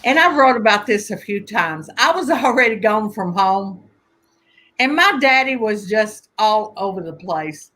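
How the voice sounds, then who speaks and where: A woman telling family stories in a casual conversation, animated and laughing often as she acts out voices. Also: mid-range voice, unhurried. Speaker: guest conjure teacher.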